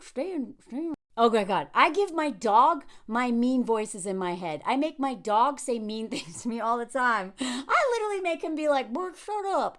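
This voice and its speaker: A woman of around forty with a Southern US accent, giving animated, digressive commentary full of sarcastic asides. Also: high voice. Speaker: commentary vlogger. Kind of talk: ranting commentary.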